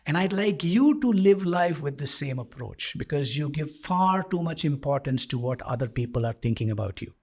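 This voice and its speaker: A man's voice: on the high side, animated, moderate pace, hardly any pauses, darkish tone. A male life coach and podcast host telling a story in a monologue, animatedly acting out both sides of a dialogue.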